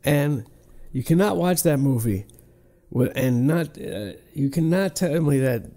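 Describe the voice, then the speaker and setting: A man's voice: a little high, animated, measured pace, creaky, mellow. A man co-hosting a casual podcast, talking in a loose, profane, rambling way while getting over a cold. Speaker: podcast co-host. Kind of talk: casual chat.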